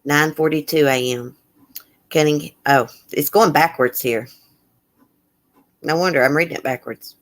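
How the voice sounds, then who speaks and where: A host on a casual live stream reads a news report aloud in a mid-range voice. Blunt, indignant asides break into the reading, along with quick remarks to the chat. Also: medium pitch, fairly bright tone. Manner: chatting with viewers in the chat.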